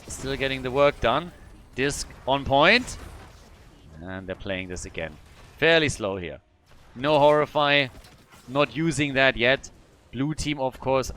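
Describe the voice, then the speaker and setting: Excitable male esports caster. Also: medium pitch. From Germany. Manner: excitable, quick bursts of hype between calm analysis. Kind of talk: live esports play-by-play commentary.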